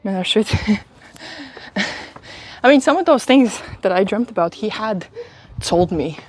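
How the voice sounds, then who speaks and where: A woman's voice: mid-range voice, animated, a little slow. A young woman chats into her phone as she walks outdoors on a live stream. She rambles through stories with laughs and swearing, sounding a little under the weather. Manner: chatty, rambling storytelling with frequent laughs and swearing. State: sick, stuffy. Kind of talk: casual live-stream chat while walking. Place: outdoors walking uphill in a town.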